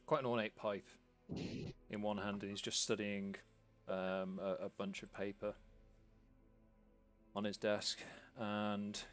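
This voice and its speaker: A man narrating a tabletop game as game master, in a relaxed, meandering way with lots of ums. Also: fairly low pitch. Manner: relaxed, rambling with ums and uhs.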